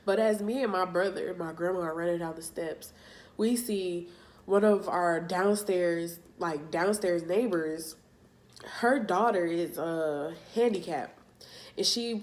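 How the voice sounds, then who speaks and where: Young woman vlogger, slow and low, retelling a scary memory in casual slang. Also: darkish tone. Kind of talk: storytime vlog.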